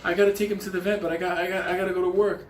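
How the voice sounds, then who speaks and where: A man voicing a flustered woman neighbor who stammers in a high, breathless voice. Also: little pitch movement, very fast, echoey room, slight background noise, lightly acted.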